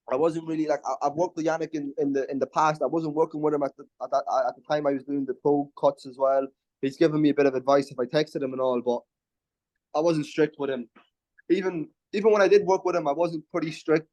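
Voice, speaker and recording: A man's voice: fairly high pitch, darkish tone. A young man, an MMA fighter talking confidently in a casual interview, often restarting his words. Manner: brash and confident, quick restarts.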